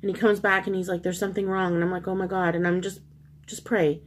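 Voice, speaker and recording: A woman's voice: fairly low pitch, little pitch movement, very fast, a little hiss or hum. Emotional woman confiding a personal story. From Canada. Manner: emotional, confiding, addresses viewers as friends. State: close to tears. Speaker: vlog host. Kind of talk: casual storytelling to viewers.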